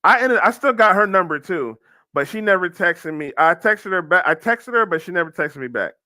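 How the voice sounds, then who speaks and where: A young man talks casually as a commentary host, circling back and restarting his sentences as he tells a story. His voice is bright and a touch high. The sound is dry and close. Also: lively intonation, a little fast, dry recording. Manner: rambling storytelling with frequent restarts.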